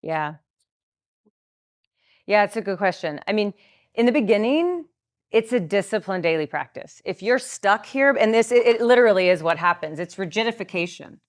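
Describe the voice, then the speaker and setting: A woman's voice: mid-range voice, expressive, normal speed. A woman guest coach explaining in a masterclass talk, earnest, with many filler words and restarts. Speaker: guest coach on trauma and the nervous system.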